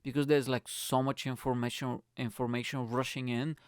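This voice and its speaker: A man hosting a podcast, telling a story in an excitable, rambling way and swearing freely. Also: medium pitch, moderate pace, clean tone, no echo, clean studio sound. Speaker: podcast host. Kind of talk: casual storytelling monologue.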